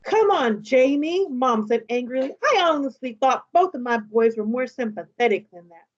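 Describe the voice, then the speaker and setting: A woman's voice: on the high side, normal speed, muffled recording. A woman teacher reading a children's novel aloud to her class, bringing the dialogue to life. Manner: lively, voices the characters' dialogue.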